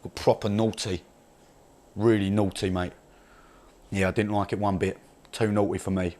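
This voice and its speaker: A man's voice: fairly low pitch, level tone, normal speed, a little mellow, lightly acted. A man playing a brash, crude chav with an Essex accent, rambling and swearing in laddish banter as a comedy character monologue.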